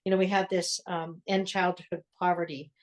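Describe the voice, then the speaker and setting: An older woman with a fairly low voice speaks with earnest conviction and lingers in reflective pauses. She is a religious sister telling her story to an interviewer. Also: little pitch movement. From United States.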